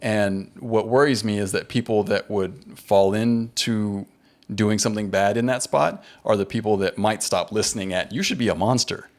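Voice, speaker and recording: Low-voiced man talking things through carefully. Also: fairly even intonation, normal speed, a little mellow. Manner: careful, self-correcting, restarts words when thinking. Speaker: podcast host. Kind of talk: casual conversation.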